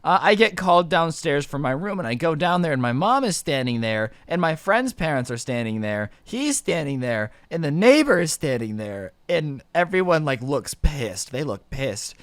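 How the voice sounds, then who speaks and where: Brief: young man, higher voice, slangy and animated storytime teller, dry close sound. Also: moderate pace, few pauses, dry recording. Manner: animated, laughing often, slangy asides. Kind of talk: casual storytime monologue.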